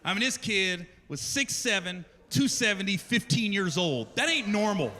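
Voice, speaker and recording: A man in his forties doing a profane stand-up comedy set, telling animated stories in put-on voices. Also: high-pitched, moderate pace, slight background noise. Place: large theater stage before a laughing audience. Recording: live concert recording with loud crowd and long reverb.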